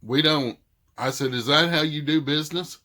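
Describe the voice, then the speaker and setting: A man's voice: on the high side, normal speed, pushed and bright. A middle-aged man with a thick Southern accent, casually retelling a dispute and quoting what each side said. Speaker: vlogger. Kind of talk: casual storytelling.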